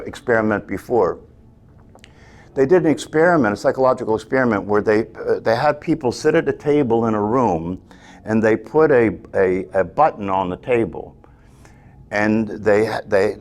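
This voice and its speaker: A man teaching a meditation class, talking earnestly, often checking in with "right?" and restarting his phrases. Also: lowish voice.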